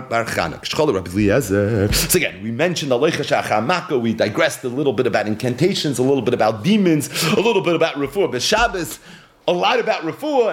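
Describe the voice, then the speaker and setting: Lively man teaching Talmud. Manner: animated, swings between high and low when telling the story; mixes Hebrew and Yiddish terms into English. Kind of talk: Talmud lecture.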